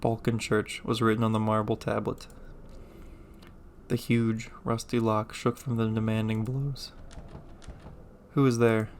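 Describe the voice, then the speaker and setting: A man playing a game, reading its text aloud with deadpan, joking asides. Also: fairly low pitch, unhurried, slight background noise. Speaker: gamer.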